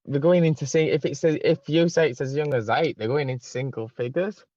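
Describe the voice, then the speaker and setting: Halting man on a dull dry mic. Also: fairly high pitch, darkish tone, no echo. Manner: halting, restarts sentences. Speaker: chat guest. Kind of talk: casual chat.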